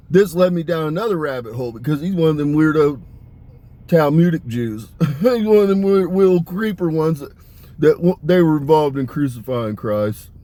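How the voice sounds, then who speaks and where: A man's voice: fairly high pitch, darkish tone. A man giving a rambling, profane monologue, swearing constantly and breaking into laughter as he talks. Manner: crude, swearing, laughing often.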